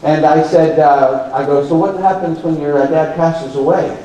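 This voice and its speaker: Man speaking in a booming, echoey hall. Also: moderate pace, highs cut off. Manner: animated storyteller who acts out quoted dialogue. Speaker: conference speaker. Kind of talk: live motivational talk. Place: large conference hall. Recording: very echoey hall, heard from far off. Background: audience laughter.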